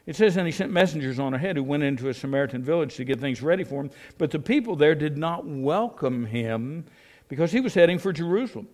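A man's voice: a little high, animated, fast, a little mellow. A male pastor giving a conversational sermon, often asking the congregation tag questions and restarting his phrases. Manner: repeats words and restarts often.

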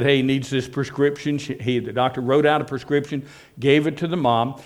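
A male pastor preaching a sermon, telling stories in a folksy way and tossing in tag questions to his congregation. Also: mid-range voice.

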